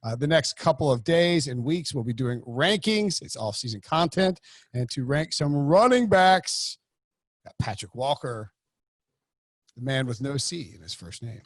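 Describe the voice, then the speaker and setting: A man's voice: medium pitch, lively intonation, measured pace, dry recording, studio quality. A man hosting a sports podcast, chatting in a loose, rambling way with many fillers and restarts. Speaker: podcast host. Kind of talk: casual podcast chat.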